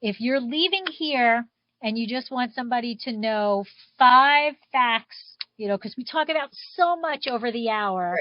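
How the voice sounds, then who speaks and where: A woman's voice: on the high side, expressive, a little slow, a little hiss or hum. A woman co-hosting a wine show over a video call, easygoing and chatty. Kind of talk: casual chat on a video call. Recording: dull, dry video call audio.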